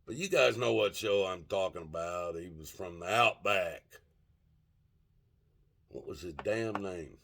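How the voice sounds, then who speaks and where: Older male vlogger, slightly low voice, loose cussing storyteller who keeps losing his train of thought. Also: expressive, a little slow, gravelly, pauses often, fairly bright tone. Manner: rambling, profane, gropes for words with many fillers. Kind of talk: casual storytelling monologue.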